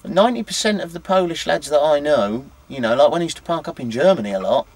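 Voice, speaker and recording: A man's voice: fairly high pitch, expressive, quick pace, dry recording. A man from England in his twenties, a truck driver telling stories in a casual interview, full of "you know" fillers. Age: 20s. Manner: chatty, anecdotal, many "you know" fillers. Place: outdoors at a harbour.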